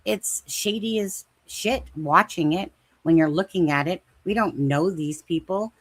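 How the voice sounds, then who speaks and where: A woman's voice: lowish voice, a little slow, husky, dry recording. A woman co-hosting a true crime podcast in casual chat, talking in rambling, emphatic bursts and repeating herself. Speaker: podcast co-host.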